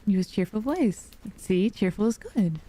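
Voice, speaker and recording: Soft-spoken sleepy woman streamer. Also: medium pitch, measured pace. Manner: soft, sleepy and calm, yawning. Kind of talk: relaxed live-stream chat. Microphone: dynamic studio mic.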